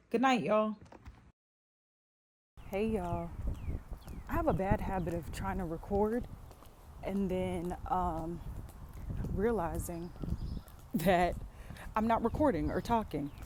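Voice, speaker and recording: A woman's voice: on the low side, takes it slowly, long pauses, a little hiss or hum. Chatty young woman vlogging. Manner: chatty, warm address to viewers with lots of y'all. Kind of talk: casual vlog chat to camera.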